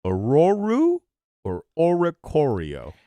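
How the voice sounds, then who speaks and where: A man hosts a podcast quiz, reading each question with a lively, bouncing pitch. His voice is dry and close on a studio mic, with no room sound. The delivery is wry and casual. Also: slow, no echo. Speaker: podcast host running a quiz.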